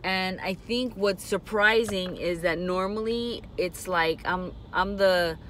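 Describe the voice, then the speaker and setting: A woman with a lowish voice talks to her camera from a parked car, faint traffic noise outside. She sounds emotional and close to tears, and her sentences wander and trail off. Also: takes it slowly, a bit bright. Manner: hesitant and rambling, many trailing-off phrases. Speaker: vlogger. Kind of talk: casual confessional vlog. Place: parked car in a parking lot.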